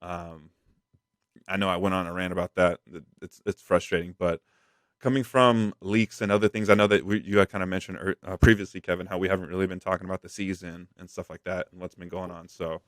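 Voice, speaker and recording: A man's voice: sits low, fairly even intonation, fairly quick, a bit bright, no room sound, studio quality. A man co-hosting a casual gaming podcast, rambling with lots of fillers and reading news items aloud. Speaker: podcast co-host.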